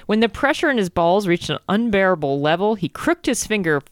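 On a comedy podcast, a woman co-host reads fan fiction aloud, giggling, groaning in mock disgust, and stopping to crack jokes. Her medium-pitched voice is sing-song and brisk. The studio-quality recording has no room sound.

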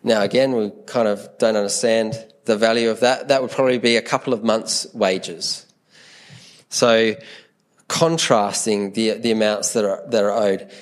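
A man's voice: lowish voice, steady tone, normal speed. A man preaching a sermon in an earnest, conversational way, often repeating words as he thinks aloud.

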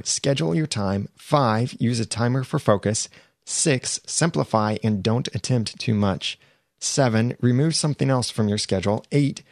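A man's voice: mid-range voice, darkish tone, no room sound, clean studio sound. A man hosting his own podcast, talking straight to listeners in an earnest, upbeat way as he gives tips and calls for feedback. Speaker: podcast host. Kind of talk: solo podcast monologue giving tips.

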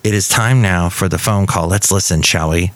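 Man, podcast host, casual rambling talk, wry humor, lowish voice. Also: normal speed, a bit bright, slight background noise. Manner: chatty, wry, self-mocking.

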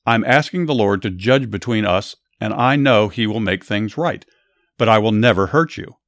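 A man's voice: fairly low pitch, normal speed, no room sound, clean studio sound, close to an everyday voice. A man voicing a young warrior pleading his innocence in a Bible story, earnest and insistent.

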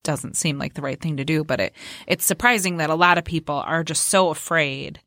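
A woman in an easygoing podcast talk answers her guest with agreeable, thoughtful remarks. Her voice is low for a woman. The sound is dry, with no echo. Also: fairly quick, a bit bright. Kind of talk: casual chat.

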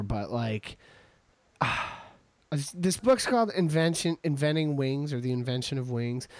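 A man's voice: fairly high pitch, a little mellow, no echo. A man hosting a podcast in casual chat, joking and rambling with frequent restarts. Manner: joking, rambling, self-interrupting. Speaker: podcast host.

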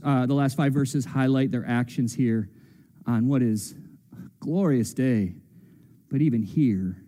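A man's voice: medium pitch, mellow, big-room sound. A man preaching a sermon as a pastor, casual and joking, with playful quoted voices. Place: church sanctuary.

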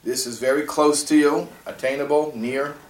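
A man's voice: fairly high pitch, steady tone, normal speed, echoey room, far from the mic, low-quality recording. A man teaching a classroom lesson on a religious text, talking conversationally and asking his students rhetorical questions.

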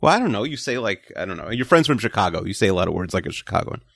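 A man's voice: fairly low pitch, very animated, very fast, creaky, fairly bright tone, breathy edge, no room sound. A man in his forties hosting a podcast, chatting casually with a rambling, hesitant, teasing manner. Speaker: podcast host. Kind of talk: casual chat.

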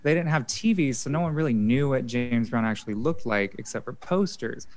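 A man chatting casually as a guest, telling stories in an animated way. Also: medium pitch, fairly quick. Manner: chatty, tells anecdotes. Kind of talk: casual chat.

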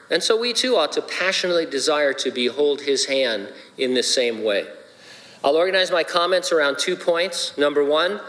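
A man's voice: a little high, fairly bright tone. A man, a pastor, preaching a sermon with playful, joking asides. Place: church sanctuary. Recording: long hall reverb.

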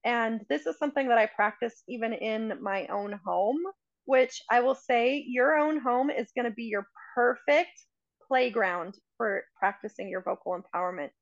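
Creaky-voiced woman, earnest and reflective. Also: on the high side, normal speed, dry recording. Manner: earnest, reflective, gives examples. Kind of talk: casual conversation. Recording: dry, dull lo-fi sound.

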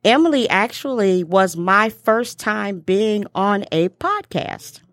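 A woman's voice: mid-range voice, lively intonation, no echo, clean studio sound. Upbeat woman hosting a podcast. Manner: upbeat, emphatic, drawn-out listing. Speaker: podcast host. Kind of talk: casual podcast conversation.

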